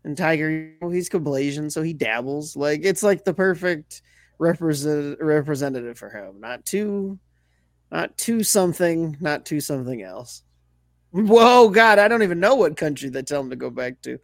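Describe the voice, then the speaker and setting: A man's voice: fairly high pitch, lively intonation, moderate pace, no room sound, studio quality. A man co-hosting a sports podcast, laid-back and wry, in casual chat. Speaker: podcast co-host.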